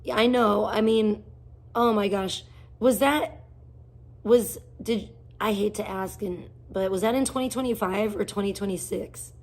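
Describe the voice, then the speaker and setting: A woman's voice: mid-range voice, a little slow. A woman live streaming, ranting bluntly and swearing heavily, jumping between topics and greeting viewers in chat. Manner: blunt, heavily profane, rambling rants; greets chat viewers by name mid-rant. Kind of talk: casual ranting livestream chat.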